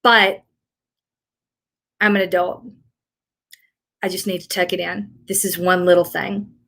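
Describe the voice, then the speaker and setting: A woman's voice: fairly low pitch, flat delivery, a little slow, vocal fry, a bit bright. A middle-aged woman from rural Tennessee with a Southern accent, chatting casually and rambling a little as a fitness coach in a live Q&A. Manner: chatty, rambling, self-deprecating.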